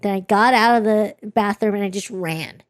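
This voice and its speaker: A woman's voice: medium pitch, moderate pace, no echo. Candid young woman, dry close sound. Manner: candid, rambling, many restarts and fillers. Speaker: podcast co-host. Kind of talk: casual chat.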